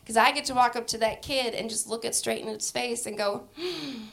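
A woman's voice: a little high, steady tone, brisk, vocal fry, fairly bright tone. A young adult woman performing a stand-up comedy set, brash and profane, often laughing through her lines.

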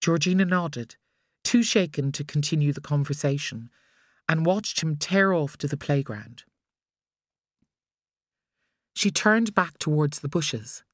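A woman with an Irish accent reading a thriller audiobook in a measured, expressive way. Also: deep voice, no room sound, studio quality. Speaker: audiobook narrator. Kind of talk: scripted narration.

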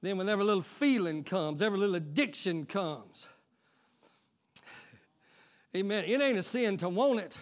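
A middle-aged male pastor preaching a sermon, swinging from hushed asides to shouted call-and-response. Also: high voice, lively intonation, moderate pace, pauses often. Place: church sanctuary.

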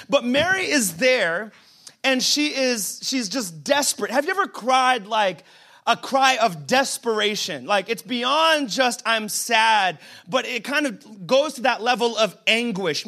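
Bright, high-voiced young pastor. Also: male voice, creaky. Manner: conversational, laughs often, asks the congregation questions. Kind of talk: casual sermon.

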